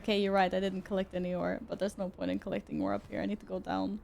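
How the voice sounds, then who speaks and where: A woman's voice: medium pitch, fairly even intonation, racing, creaky, darkish tone, slight background noise. A young woman streaming a video game live, chatting with her viewers in an exasperated, self-mocking way. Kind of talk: live gaming stream chat.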